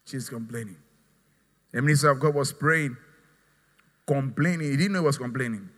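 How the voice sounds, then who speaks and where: A pastor preaching a lively sermon, acting out his congregation and calling for responses. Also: mid-range voice, normal speed, long reverb tail. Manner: animated, mimics congregants, asks crowd to respond.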